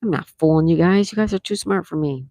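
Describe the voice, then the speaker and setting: A woman hosting a live-stream trivia game, reading viewers' answers aloud and repeating each question slowly. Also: lowish voice, mellow, dry recording. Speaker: trivia host.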